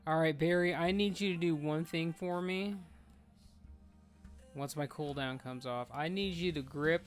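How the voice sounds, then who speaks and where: A man with a slightly high voice leads his raid team on a live gaming stream, blunt and quick to curse. He barks out instructions and gripes at teammates in a casual, offhand way. Faint music plays behind him. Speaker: raid leader streaming an online game.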